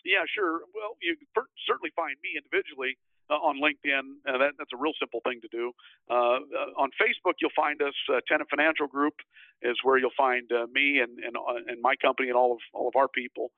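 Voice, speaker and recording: A man's voice: mid-range voice, fairly quick, no room sound. Guy guest on a podcast, lots of uh and restarts, sounds like a thin phone line. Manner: hesitant, many fillers and restarts. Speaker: guest, financial firm CEO. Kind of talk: casual interview talk. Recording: tinny phone-like line, dry.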